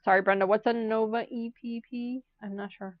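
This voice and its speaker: A quilting streamer with a slightly high, steady voice chats a little fast while she sews, laughing a lot and hiccuping along the way. The recording is dry with the high frequencies cut off.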